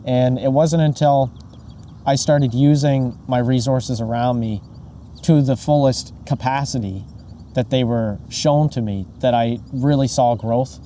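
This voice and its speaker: Earnest reflective man, dark warm voice. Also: medium pitch, fairly even intonation, unhurried, a little hiss or hum. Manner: earnest, reflective, repeats himself as he thinks. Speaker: podcast co-host. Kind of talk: candid mental health podcast talk.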